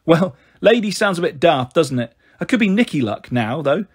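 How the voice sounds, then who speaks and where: A man doing a husky, wry young mum on the run. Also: on the high side, big pitch swings, normal speed. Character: weary, tearful young mother on the run. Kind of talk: audiobook character voice.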